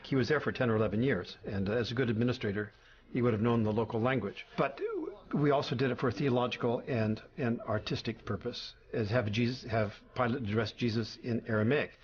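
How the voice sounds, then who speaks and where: A man interviewed as a language consultant for a film, speaking in a measured, explanatory way. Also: mid-range voice, steady tone, dull audio, slight background noise. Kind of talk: documentary interview.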